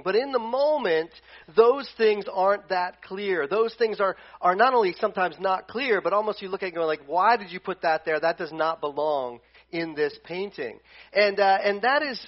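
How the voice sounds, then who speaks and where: A male pastor preaching a conversational sermon at a church service, animated and full of restarts. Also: high-pitched, muffled recording.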